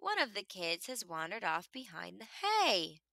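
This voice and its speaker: A woman reading a children's picture book aloud in an expressive storytelling manner, making the animal sounds herself. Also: mid-range voice, measured pace, creaky, dry recording.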